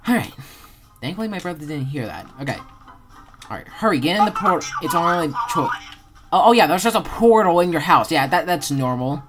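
A woman giving rambling, excitable gameplay commentary as a channel host, with sudden loud outbursts and swearing. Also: low-pitched, fairly quick, faint music behind, low-quality recording.

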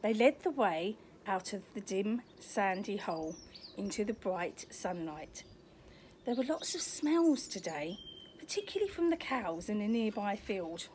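A woman's voice: medium pitch, expressive, measured pace, a little mellow, slight background noise. An older woman reading a picture book aloud to children outdoors in a garden, chatty and sing-song, often asking the listener questions. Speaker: storyteller, grandmother persona. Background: faint birdsong.

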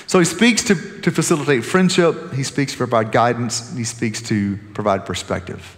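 A man preaching a sermon as pastor, animated and joking with the congregation, often restarting his sentences. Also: medium pitch, moderate pace, big-room sound, some chatter behind, slight background noise.

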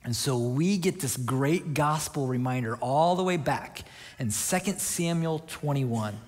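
A man's voice: medium pitch, animated, a little slow, darkish tone. A male pastor preaching a conversational sermon with a Midwest American accent. He repeats phrases and asks the congregation questions. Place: church sanctuary. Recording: long reverb of a large hall.

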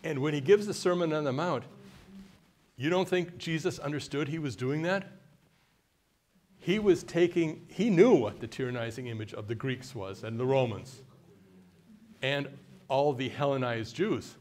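A man's voice: a little high, a little mellow. An older man from the United States, giving a conversational workshop talk and often quizzing the audience with questions. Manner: mimics a haughty deliberate voice at times. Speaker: workshop speaker.

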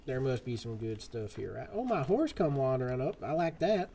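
A man streaming a western game live, chatting casually and swapping swear words for softer ones. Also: mid-range voice, very animated, normal speed, gravelly, a little hiss or hum. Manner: chatty, swaps swears for "fudge". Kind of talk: live gameplay commentary. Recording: game music behind the voice.

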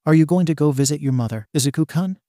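A man's voice: on the high side, fast, mellow, no echo, studio quality, natural voice. A man reading as a stiff, formal teenage boy. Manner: firm, formal. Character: formal, earnest teenage class president type boy.

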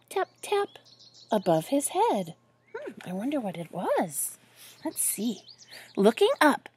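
A woman reading a picture book aloud to children, gently asking them questions along the way. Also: medium pitch, breathy edge, no room sound.

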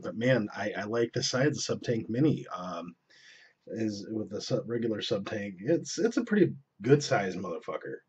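A young man with a deep, darkish, husky voice reviews vaping gear at home in a casual, rambling, profane way, often cutting himself off mid-sentence. He's a vlogger, and the dull lo-fi camera audio was recorded indoors.

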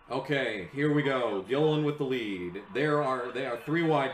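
A young man giving live reaction commentary to a race, excitable and swearing, yelling at the screen. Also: mid-range voice, normal speed, hardly any pauses, echoey room, poor audio.

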